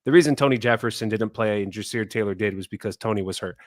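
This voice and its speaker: A man's voice: on the low side, fast, dry recording, clean studio sound. A man co-hosting a sports fan podcast, venting his frustration heatedly in casual chat. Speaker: podcast co-host.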